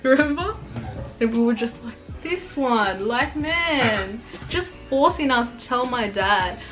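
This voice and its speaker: A woman's voice: on the high side, expressive, slow, over music, poor audio. A young woman vlogger telling a personal story in a casual sit-down chat. She rambles and fills her talk with "like.". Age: young adult. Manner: chatty and rambling, full of "like".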